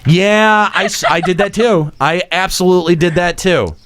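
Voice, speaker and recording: A man's voice: sits high, normal speed, a bit bright. A man hosting a casual gaming podcast, thinking aloud in long winding sentences and swearing casually. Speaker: podcast host leading the discussion. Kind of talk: casual panel chat.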